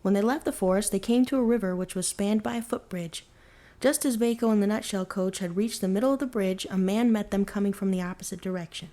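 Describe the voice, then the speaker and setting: A woman narrating a folktale as a bedtime story, calm and unhurried in her telling. Her voice sits at an ordinary middle pitch for a woman. The reading is even and soothing in its manner.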